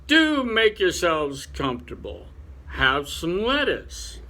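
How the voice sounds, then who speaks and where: A man voicing a pompous older male chief rabbit in a storybook reading, speaking in a slow, patronizing drawl. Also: high-pitched, huge pitch swings, sharp tone, heavily acted.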